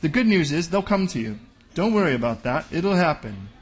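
A male pastor preaches with a high, husky voice that swoops up and down with lively emphasis. He speaks boldly and directly, often slipping into acted-out exchanges to drive a point home. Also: brisk, soft background music. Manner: bold, direct preaching that acts out dialogues. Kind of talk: sermon.

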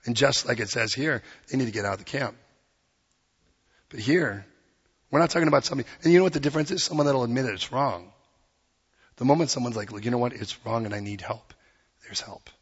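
Husky-voiced man preaching in a hall. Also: medium pitch, lively intonation, a little fast, long pauses, lo-fi sound. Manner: earnest, plain-spoken, quotes scripture, acts out voices. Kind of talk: sermon.

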